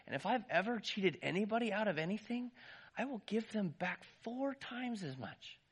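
A humbled tax collector, earnest and eager , as a preacher voices him. The voice is husky and a bit high, sincere and promising. It is part of a church storytelling. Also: male voice, animated, moderate pace.

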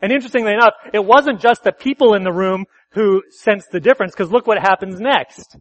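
This pastor's sermon at a church service is conversational, with self-corrections and questions directed at the congregation. His male voice is high-pitched, a bit bright, and a little fast.

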